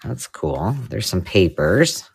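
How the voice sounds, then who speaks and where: A woman hosting a live craft unboxing, chatting casually and gushing over old paper finds, sometimes dropping to a hushed whisper. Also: very deep voice, sing-song, takes it slowly, vocal fry, a little hiss or hum. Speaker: craft channel host.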